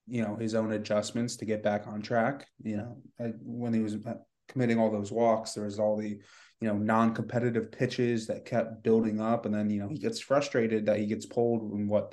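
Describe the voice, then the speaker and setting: A man's voice: on the low side, a little mellow. A man co-hosting a sports podcast, talking in a rambling, frustrated way with many "you know"s. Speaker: podcast co-host. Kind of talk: casual sports chat.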